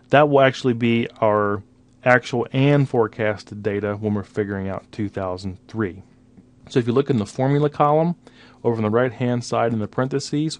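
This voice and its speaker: A man teaching a recorded slide lecture, patiently explaining numbers one step at a time. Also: lowish voice. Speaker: instructor.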